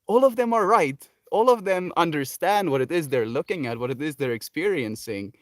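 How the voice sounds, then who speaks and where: Soft-spoken man musing on a livestream. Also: high-pitched, quick pace, few pauses, no room sound, studio quality. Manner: soft, meandering, with many fillers and restarts. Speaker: livestream host. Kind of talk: reflective spiritual livestream talk.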